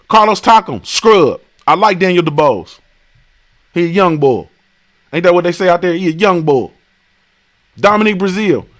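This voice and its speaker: A man's voice: high voice, fairly bright tone. A man hosting a boxing stream, ranting in a profane, casual way and firing off repeated rhetorical questions. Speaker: boxing show host. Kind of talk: live-stream rant.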